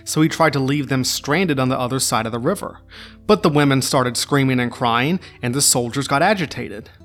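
A man's voice: medium pitch, normal speed, fairly bright tone, faint music behind. A man hosting a history podcast, narrating from a script with irreverent, wry asides.

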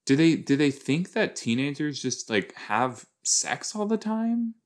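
A man's voice: a little high, sing-song, unhurried. A man hosting a podcast, rambling playfully and reacting casually to an episode as he watches, with silly made-up words. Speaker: podcast host.

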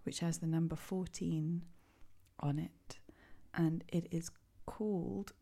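A woman's voice: fairly low pitch, fairly even intonation, slow, vocal fry, warm tone. A woman hosting a podcast, opening with a scripted welcome and then chatting with her guests. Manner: reads a scripted welcome, then chats plainly. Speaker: podcast host and founder. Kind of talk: casual podcast chat.

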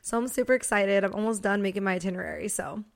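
A woman's voice: mid-range voice, fairly even intonation, quick pace. A young woman co-hosting a podcast, chatting casually and rambling with lots of "like" fillers. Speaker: podcast co-host.

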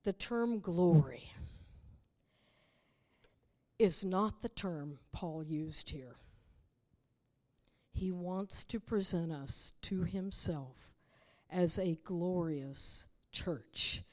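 A woman's voice: fairly low pitch, drawn-out words, long pauses, darkish tone, in a large hall. A woman preaching a sermon, teaching the congregation and asking them rhetorical questions.

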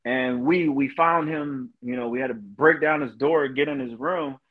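A man speaks as a podcast guest, recounting his experiences with earnest emotion and frequent "you know" fillers. His voice sits at an ordinary middle pitch. The recording sounds a little dull and lo-fi. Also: animated, moderate pace. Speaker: guest, Marine veteran and motivational speaker. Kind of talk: personal storytelling in a podcast interview.

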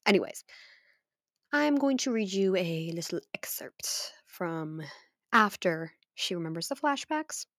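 A young woman chatting casually and reading fan fiction aloud, excitable and swearing, with dramatic outbursts. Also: fairly low pitch, measured pace, no echo, studio quality.

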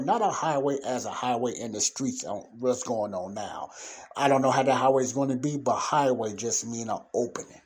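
A man's voice: medium pitch, a little mellow, husky. A man preaching an informal Bible lesson, reading verses aloud and then explaining them in everyday speech with emphatic bursts. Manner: emphatic bursts and sudden exclamations.

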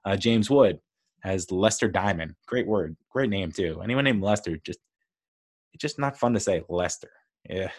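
A low-voiced man talking through a film in a loose, offhand review. He rambles, laughs often and pads his sentences with fillers as he goes. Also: animated, normal speed, a little mellow. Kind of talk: casual movie review monologue.

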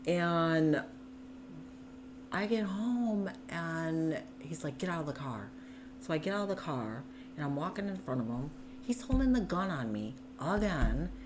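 Speaking as a guest, a woman with a lowish, expressive voice earnestly tells her own story at a slightly slow pace against a noisy background. Her candid narration tumbles out, packed with "you know" and "like."

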